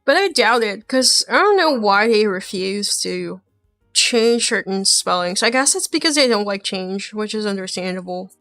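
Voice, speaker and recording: A woman streamer who is not a native English speaker chats casually, musing in soft trailing asides. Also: mid-range voice, lively intonation, normal speed, no room sound, clean studio sound, faint music behind. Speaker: streamer reacting to videos. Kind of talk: casual chat.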